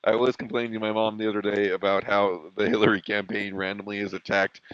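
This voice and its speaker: A man's voice: fairly low pitch, little pitch movement, fast talker, a bit bright, no room sound, dull audio. A young man co-hosting a casual chat, rambling with many fillers, frequent swearing and laughter. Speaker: co-host.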